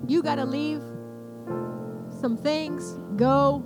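A woman's voice: sits high, fairly even intonation, extremely slow. An older woman preaching a sermon, telling stories with passion and acting out the quoted lines. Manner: impassioned, storytelling with acted quotes. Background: piano music.

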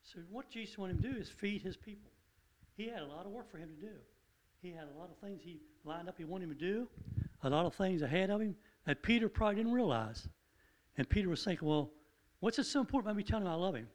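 Man, informal Bible teacher, earnest and conversational, slightly high voice, hammers his points by repetition. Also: animated, fast talker, low-quality recording. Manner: earnest, conversational, repeats points with rising emphasis.

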